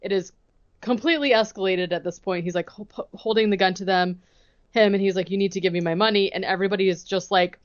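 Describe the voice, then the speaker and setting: A woman's voice: mid-range voice, a little fast, clean tone, no room sound, highs cut off. A woman co-hosting a podcast in casual chat, recapping a movie scene by scene. She leans on "like" a lot and acts out the characters' lines and her own reactions. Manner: chatty, heavy use of "like", quotes characters and her own reactions. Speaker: podcast co-host.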